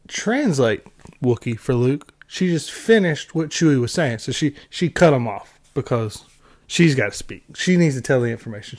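Sarcastic ranting man, mid-pitched. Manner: sarcastic, exasperated, mocking; halting restarts and repeated words. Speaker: film commentary vlogger. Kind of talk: ranting commentary.

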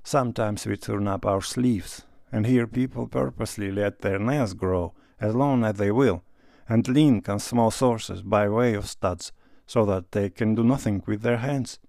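A man voicing an earnest, awkward country gentleman who speaks bluntly. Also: on the low side, a little slow, creaky, no echo, clean studio sound.

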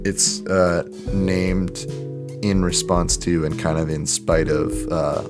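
A man with a very deep, low voice talks casually as a podcast co-host. He rambles in an easy, laid-back way and drops the odd swear word. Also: steady tone, takes it slowly, music in the background. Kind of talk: casual chat.

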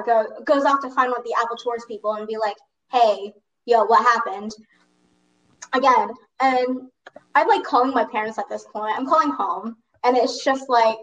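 Chatty high-voiced teen girl, slightly off-mic. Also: far from the mic, lo-fi sound. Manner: animated, lots of "like", laughs mid-story. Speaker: storyteller recounting a school trip. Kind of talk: casual storytelling chat.

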